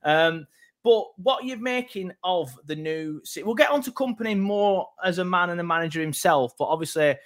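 Male podcast host, higher than average, loose and jokey. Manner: chatty and jokey, with quick laughs and self-corrections. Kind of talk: casual football chat.

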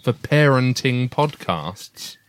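A man's voice: medium pitch, lively intonation, takes it slowly, smooth. Male podcast co-host, playful dad, hesitant fillers, casual chat. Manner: playful, teasing, with many "uh"s and restarts. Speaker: podcast co-host with his young daughter.

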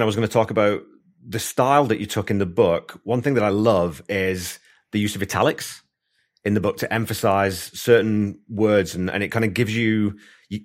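A somewhat low-pitched man hosts a casual interview, talking in an enthusiastic, rambling way. He circles back on his thoughts and restarts sentences as he goes. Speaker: podcast host.

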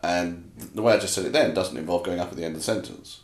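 A man co-hosting a casual comedic chat, playful and mock-serious, sometimes dropping into a low murmur to act out lines. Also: fast talker. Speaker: podcast co-host. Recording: roomy echo.

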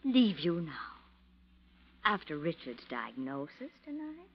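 An actress playing a restless, scheming young wife, in melodramatic 1940s radio acting. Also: female voice, on the low side, huge pitch swings, takes it slowly, heavily acted. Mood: defensive. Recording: noisy, dull old radio recording.

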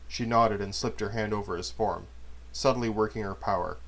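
A man narrating a dark fantasy story aloud, reading at an even, steady pace. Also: fairly low pitch, moderate pace. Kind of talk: audiobook narration of a fantasy serial.

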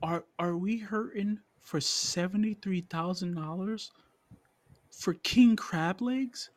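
A podcast host with a high-sitting male voice chats casually at a slow pace, with no audible room sound. He rambles and stammers, constantly restarting his sentences.

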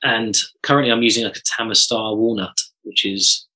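A man, a drummer telling stories in an animated, casual chat and swearing freely. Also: fairly low pitch, moderate pace, rough recording. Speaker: drummer guest.

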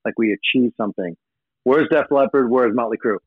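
A man's voice: medium pitch, fairly quick, husky, dry recording. Male rocker guest, rambling profane storyteller, phone-quality dry audio. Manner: profane, rambling anecdotes with acted-out quotes. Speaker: rock musician guest. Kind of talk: casual interview storytelling. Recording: tinny phone-like line, dry.

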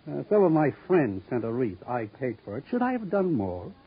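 A husky, purring gambling boss full of mockery. His voice rises and falls theatrically. It comes through the muffled sound of an old radio broadcast. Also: medium pitch, sing-song, fairly quick. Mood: mocking. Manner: silky, mocking, theatrical. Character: smooth menacing male gambling boss, mocking. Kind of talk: 1950s radio drama acting. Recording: dull old radio recording.

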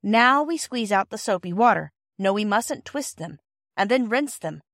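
A woman voicing an earnest, careful eldest girl in a storybook reading, gentle and slightly prim. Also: medium pitch, expressive, moderate pace, no echo, clean studio sound.

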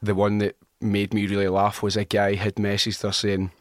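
A man hosting a casual chat, jokey and quick to laugh. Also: on the low side, completely flat delivery, no room sound, studio quality. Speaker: podcast host.

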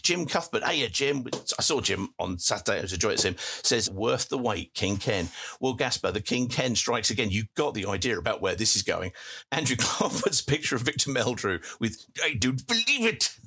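A man's voice: medium pitch, expressive, bright, forceful tone, husky. A man hosting a live football chat, reading out listener messages with jokey asides. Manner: jokey, chatty, reads messages aloud with quick asides. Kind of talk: casual live audio chat. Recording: live audio stream.

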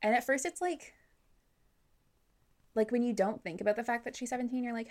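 A woman's voice: fairly high pitch, brisk, pauses often. A young woman co-hosting a casual podcast about a book, blunt and joking, swearing freely. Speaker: podcast co-host. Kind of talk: casual book-club chat.

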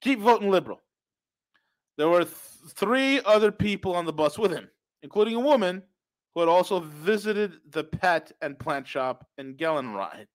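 Sarcastic guy ranting over news on his podcast, pretty high voice. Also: lively intonation, normal speed. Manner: sarcastic, mocking. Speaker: podcast co-host. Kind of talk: casual ranting commentary.

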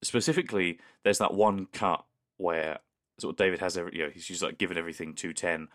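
Low-voiced enthusiastic man co-host. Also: fast talker, a bit bright. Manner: enthusiastic, conversational, hedging. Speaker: podcast co-host. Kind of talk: casual chat.

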